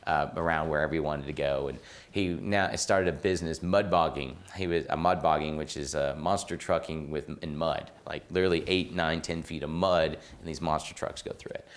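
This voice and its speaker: A man hosting a podcast, telling a story in a casual, rambling and animated way, laughing as he goes. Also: very deep voice, a little fast. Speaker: podcast host and real estate coach.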